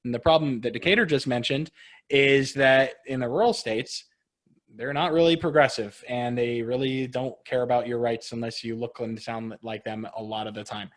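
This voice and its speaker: A man's voice: mid-range voice, normal speed. Chatty young man co-hosting a podcast. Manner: conversational, laughs easily, frequent restarts and fillers. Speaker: podcast co-host. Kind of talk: casual political discussion.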